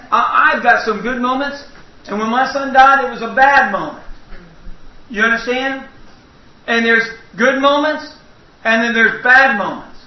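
A middle-aged man preaching a sermon, telling folksy stories and asking the congregation questions. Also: very high-pitched. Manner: folksy storytelling with audience asides. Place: church sanctuary. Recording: roomy, distant, muffled church recording.

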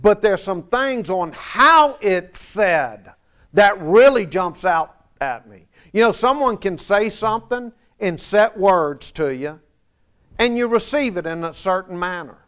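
A male pastor preaching with a high voice at an unhurried pace. He swings between emphatic declarations and quiet, softer asides, putting questions to his congregation. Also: expressive, smooth. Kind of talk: sermon.

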